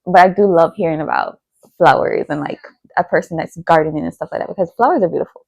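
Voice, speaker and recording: A woman's voice: sits low, fast, vocal fry, no echo, muffled recording. A young woman talking casually about books she has read, chatty, with lots of fillers like "like" and "you know". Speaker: book vlogger.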